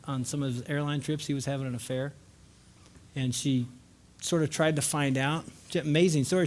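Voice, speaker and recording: Earnest older man telling a family story. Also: a little high. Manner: swings from lively and loud to hushed and slow for emotional moments; earnest, with wry asides to the crowd. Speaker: marriage conference speaker. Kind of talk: personal storytelling talk to a live audience.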